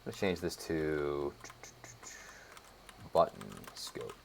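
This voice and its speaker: Low-voiced young dude explaining his code, lots of um and like, typing in the background. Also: sing-song, slow, gravelly, slight background noise. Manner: rambling, thinks aloud with many fillers. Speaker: web developer. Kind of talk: casual screencast coding tutorial.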